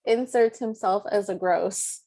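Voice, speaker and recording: A woman co-hosting a podcast, chatting about a film in a giggly, expressive way with plenty of "like". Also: medium pitch, a little slow. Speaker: podcast co-host. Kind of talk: casual film-discussion chat.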